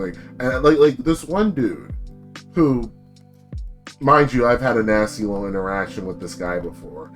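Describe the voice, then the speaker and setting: A man's voice: medium pitch, moderate pace, long pauses, faint music behind. A man streaming as a VTuber, ranting in a casual, rambling way and swearing freely while telling stories on himself. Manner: rambling, profane, self-deprecating.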